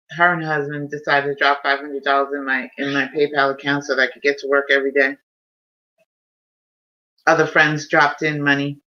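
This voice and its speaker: Slow, heartfelt woman on lo-fi stream. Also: deep voice, pushed and bright. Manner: emotional, heartfelt storytelling. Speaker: live-stream host. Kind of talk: casual personal live stream. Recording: dull lo-fi stream audio.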